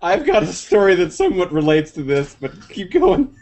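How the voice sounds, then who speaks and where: A man's voice: sits high, huge pitch swings, normal speed, a little mellow. A man on a casual podcast, chatting and setting up stories in a dry, wry way. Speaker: podcast host. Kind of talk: casual chat.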